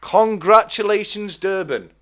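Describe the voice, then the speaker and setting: A man hosting a live stream chat, calling a race with rising excitement and lots of fillers. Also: sits high. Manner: excitable, rising fast commentary with frequent fillers. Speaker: host.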